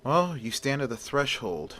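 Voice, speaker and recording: A man's voice: mid-range voice, sing-song, a little slow, fairly bright tone, pitched above the performer's own voice. A man voicing a cold, commanding vampire countess. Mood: menacing. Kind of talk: amateur storytelling.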